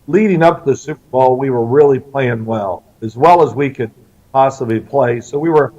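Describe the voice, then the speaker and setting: A middle-aged man, a former football player, answering interview questions with lively anecdotes. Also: mid-range voice, normal speed. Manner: lively storyteller who acts out quoted people. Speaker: interview guest, former pro quarterback. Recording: dull lo-fi sound.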